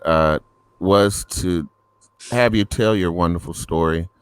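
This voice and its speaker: Man with a very low smooth voice, hosting an interview, earnest and measured, dry sound. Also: dry recording. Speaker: interview host. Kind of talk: interview talk.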